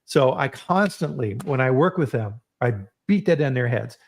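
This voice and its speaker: A man hosting a casual live-stream talk, telling stories in an animated way, often restarting and repeating words. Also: medium pitch, normal speed, gravelly. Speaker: host.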